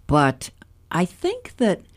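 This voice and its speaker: Older woman host, lively pitch, chatty storyteller who laughs a lot. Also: slow. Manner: animated storyteller, laughs often. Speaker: radio talk show host. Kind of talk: casual chat.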